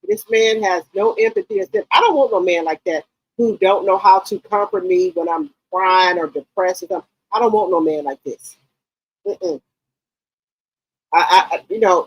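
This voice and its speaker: Animated, outspoken husky-voiced woman. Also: medium pitch, dry recording, rough recording. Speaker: gossip channel host. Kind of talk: casual commentary to viewers.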